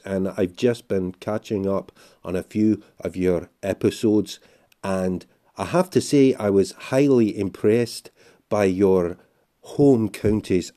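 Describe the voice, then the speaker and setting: A Scottish man leaving a recorded voice message for a podcast, measured and dry. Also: on the low side, mellow. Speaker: caller, fellow podcaster.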